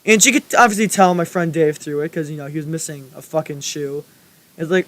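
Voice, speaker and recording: A man's voice: a little high, fairly quick. A young man telling a school story in a casual, rambling way, full of fillers and swearing. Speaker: storytelling YouTuber.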